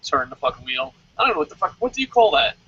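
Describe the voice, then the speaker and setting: Brief: bright, breathy male host, lively and profane, lo-fi audio. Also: fairly high pitch, fast. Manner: animated, swearing, jokey with sung sound effects. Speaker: podcast host. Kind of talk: casual chat. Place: lives in Japan.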